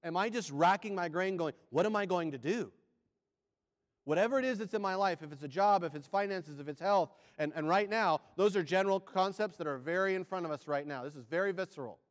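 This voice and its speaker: A man preaching a sermon, firing rhetorical questions and swinging between loud and hushed delivery. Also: high-pitched, fast talker, hardly any pauses, long reverb tail.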